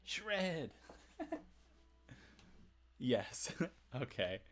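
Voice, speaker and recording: A guitarist with a mid-range voice and moderate pace teaches a song during an easygoing livestream. He talks with viewers, responds to chat, and laughs between explanations, with faint acoustic guitar in the background.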